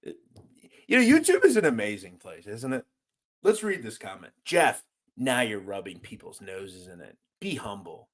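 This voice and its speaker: A man's voice: mid-range voice, wildly swooping pitch, moderate pace. A man hosting a casual livestream, reading viewer comments aloud and joking around. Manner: loose, joking, swings from loud to mumbled asides. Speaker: host.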